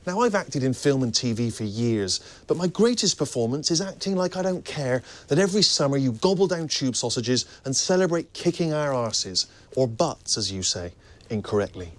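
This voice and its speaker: A man's voice: mid-range voice, moderate pace, close to an everyday voice. An actor with a British accent playing a cheeky British man who sardonically teases Americans in a comedic ad monologue. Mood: mocking. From Britain. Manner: sardonic, teasing, lively delivery. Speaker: actor in a beer commercial.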